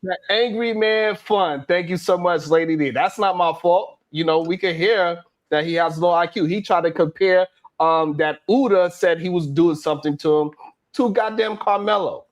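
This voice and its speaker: A man's voice: fairly high pitch, normal speed. Insistent man debating, repeats himself. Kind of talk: heated panel debate.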